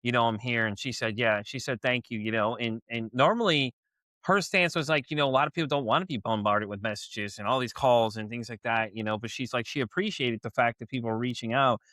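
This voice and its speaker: A man's voice: mid-range voice, a little fast, pushed and bright, no echo, studio quality. A man with a Texan accent hosting a podcast in casual chat, telling stories animatedly, swearing and acting out his own reactions. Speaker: podcast host.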